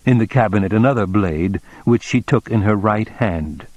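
A man narrating an audiobook in a measured, deliberate reading style. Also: lowish voice, a little mellow, no echo. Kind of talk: scripted narration.

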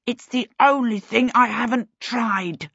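A woman's voice: fairly high pitch, normal speed, a bit bright, breathy edge, no room sound, highs cut off, voice pushed up. A woman voicing a harassed young boy who chatters eagerly.

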